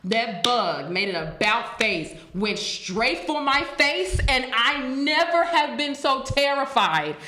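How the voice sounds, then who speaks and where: A young woman hosting a podcast, telling stories in casual, animated chat, swearing and laughing as she goes. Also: high-pitched, takes it slowly, hardly any pauses, reverberant, a little hiss or hum. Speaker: podcast host.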